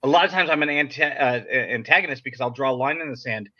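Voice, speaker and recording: A man's voice: medium pitch, fast, pushed and bright. A man hosting a casual podcast chat, talking in a blunt, direct, sarcastic way. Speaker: podcast host. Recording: dull lo-fi sound.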